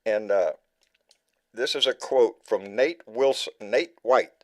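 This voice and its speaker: A man with a fairly low voice hosts a live online talk show. He reads a long passage aloud, often stumbling and going back over words as he goes. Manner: halting, restarts words while reading. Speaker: host.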